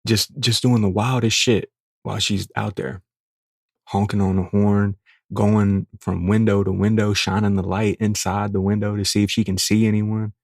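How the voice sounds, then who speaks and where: A young man, hosting a podcast and telling a crude, profane story in a casual, animated way. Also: on the low side, measured pace, dry recording, studio quality. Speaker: podcast host.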